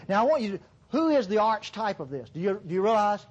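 Animated, husky-voiced male preacher. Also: high-pitched, fast, few pauses. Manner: emphatic, repetitive, sarcastic asides. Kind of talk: sermon.

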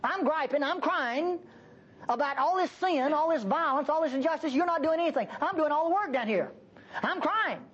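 A woman voicing a complaining male prophet who gripes and whines in a high, pleading voice. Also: expressive, normal speed, dull audio. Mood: whining. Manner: whiny, pleading, high-pitched.

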